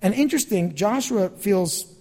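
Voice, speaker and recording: A man's voice: high voice, lively intonation, normal speed, gravelly, mellow, big-room sound. A pastor delivering a sermon in a church, talking animatedly and acting out the voices of people he quotes.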